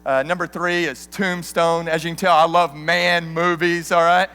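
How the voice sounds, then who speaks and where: A man in his thirties preaching a sermon as an animated, joking storyteller. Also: a little high, normal speed, clean tone, soft background music. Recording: long hall reverb.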